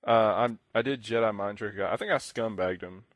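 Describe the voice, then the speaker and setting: Low-voiced young man telling a rambling story. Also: moderate pace, dry recording. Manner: rambling storyteller, acts out other players' lines. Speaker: podcast co-host. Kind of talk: casual chat.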